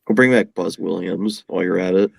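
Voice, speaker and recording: A man's voice: deep voice, fairly quick, vocal fry, no echo, rough recording. A young man calling in over a video call to give betting picks, hesitant, with lots of ums and repeats. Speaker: regular panelist. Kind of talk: casual sports betting picks. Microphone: home setup over video call.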